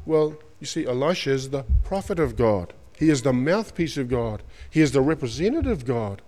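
A man's voice: medium pitch, expressive, moderate pace, warm tone, big-room sound. A man with an Australian accent preaching a sermon, retelling stories in colloquial slang and acting out the characters. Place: church.

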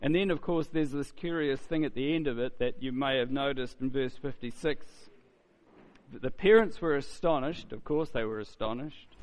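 A man's voice: mid-range voice, a little mellow, long reverb tail, low-quality recording. A man preaching a conversational sermon, asking the listeners rhetorical questions and acting out the voices he quotes. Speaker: pastor.

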